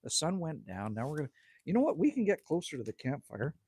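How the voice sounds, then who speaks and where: A man's voice: on the high side, sing-song, fast talker, dark tone, breathy edge. A middle-aged man hosting a casual live stream outdoors by a campfire, chatting bluntly and joking with viewers as he reads the chat. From Northwest Territories, Canada. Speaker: livestream host reading chat.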